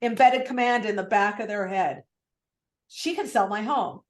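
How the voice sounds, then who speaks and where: A woman sales coach teaching on a live video call, lively and acting out phone script lines. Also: medium pitch, normal speed, reverberant. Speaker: real estate sales coach.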